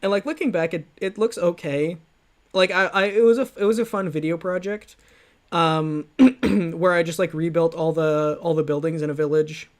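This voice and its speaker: Rambling, self-mocking male streamer, fairly high voice. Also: normal speed. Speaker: streamer reacting to his old videos. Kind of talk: livestream commentary.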